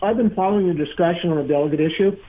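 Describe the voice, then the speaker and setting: Male radio caller, earnest and apologetic, phone-line sound, slightly high voice. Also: very fast, slight background noise. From Oregon. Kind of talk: phone-in call. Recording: tinny phone line on speakerphone.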